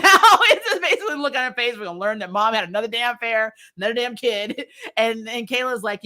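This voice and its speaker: Woman, TV episode reviewer, casual recap, snarky, animated, bright tone. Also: mid-range voice, normal speed. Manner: animated and snarky, acts out characters' lines with laughs.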